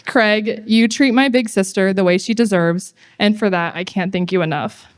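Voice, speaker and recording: A young woman giving a heartfelt wedding toast to her big sister, speaking in measured, read-out phrases. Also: medium pitch.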